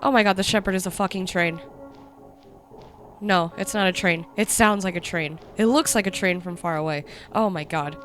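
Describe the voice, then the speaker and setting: A sick young woman with the sniffles giving casual reaction commentary, jumpy and excitable, swearing, yelping and whispering when scared. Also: on the low side, moderate pace, soft background music. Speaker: YouTuber reacting to a horror series.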